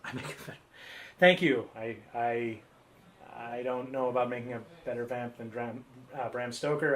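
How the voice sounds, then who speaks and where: A man co-hosting a live podcast, rambling loosely and joking at his own expense while he fills dead air. His voice sits at an ordinary middle pitch, with a faint hiss of noise behind it. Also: normal speed. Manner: rambling and self-mocking. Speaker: podcast co-host. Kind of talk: casual live-stream chat.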